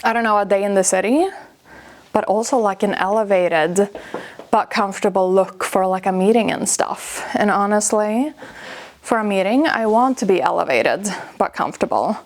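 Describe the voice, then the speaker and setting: Chatty young woman, breathy and gushing. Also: mid-range voice, normal speed. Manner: breathy and a little out of breath while trying on clothes; gushing, filler-heavy, says "like" a lot. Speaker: fashion vlogger. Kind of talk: casual chatty vlog. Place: her home wardrobe room.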